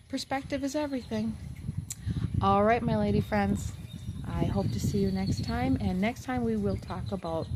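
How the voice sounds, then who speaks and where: Earnest chatty woman, noisy room. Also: medium pitch. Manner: earnest, chatty, laughs often, drops to soft whispers. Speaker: spiritual vlogger. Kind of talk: casual spiritual talk to camera. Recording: audible background noise.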